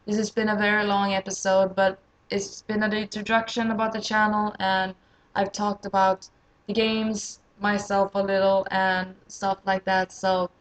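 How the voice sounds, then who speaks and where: A tired woman from Sweden, an English speaker, rambling excitedly and self-deprecatingly as she introduces her gaming channel in a casual solo vlog. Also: medium pitch, moderate pace, low-quality recording.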